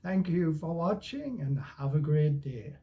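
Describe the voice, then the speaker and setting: An older man explaining how to tell stories with puppets and storybooks, in a relaxed, rambling way with many restarts. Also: on the high side, unhurried, dull audio. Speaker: storytelling teacher.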